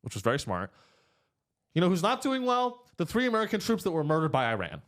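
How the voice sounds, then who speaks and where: Deadpan comedian hosting a podcast. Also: male voice, high voice, quick pace. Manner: deadpan, provocative jokes. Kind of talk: casual comedic chat. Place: studio.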